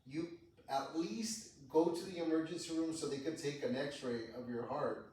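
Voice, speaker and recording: On a podcast, a man with a higher voice tells a personal story at a moderate pace, swearing often and acting out the dialogue with animation. The room is echoey and the mic sits at a distance.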